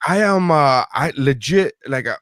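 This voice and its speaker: A young man chatting on a podcast, swearing freely as he tells an excitable story. His voice sits a bit high and sounds close and dry, with no room echo. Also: moderate pace. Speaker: podcast co-host. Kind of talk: casual chat.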